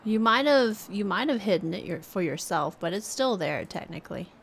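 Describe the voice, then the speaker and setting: A woman's voice: mid-range voice, lively intonation, normal speed, a little hiss or hum. A woman streamer chatting casually with her viewers and cooing at her cat. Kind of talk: casual live-stream chat.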